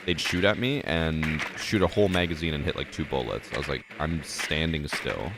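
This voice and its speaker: A young man with a strikingly deep voice talks loosely while playing a game on stream. His speech is relaxed and rambling, full of filler words. The mouse and keyboard clatter clearly behind him throughout. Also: fairly quick. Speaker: gaming streamer. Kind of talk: casual live-stream chat while playing. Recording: steady clicking noise in background.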